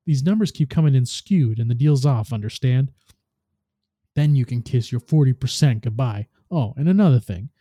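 A man voicing a greedy, demanding male alien crime boss who talks gruffly. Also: mid-range voice, lively intonation, moderate pace, dark tone, no echo, studio quality.

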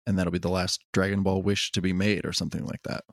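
Gravelly-voiced man, casual podcast chat. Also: sits low, level tone, quick pace, no echo, studio quality. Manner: rambling, hedging, full of "like". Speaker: podcast co-host.

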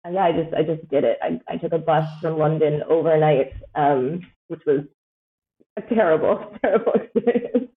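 Speaking at a normal speed with a low pitch, a Canadian podcast guest in her thirties chats loosely and rambles. Fillers and laughter come often, and the sound is tinny, as if over a phone.

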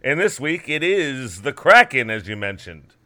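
Bright-toned man teasing his co-host. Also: medium pitch, big pitch swings, moderate pace. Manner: teasing, storytelling, laughs easily. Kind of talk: casual comedic podcast banter.

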